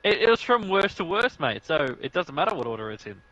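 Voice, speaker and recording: A man's voice: fairly high pitch, very animated, fairly quick, bright, forceful tone, no echo, muffled recording. An Australian man chatting casually as a stream co-host, laid-back and calling everyone "mate". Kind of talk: casual chat over racing commentary.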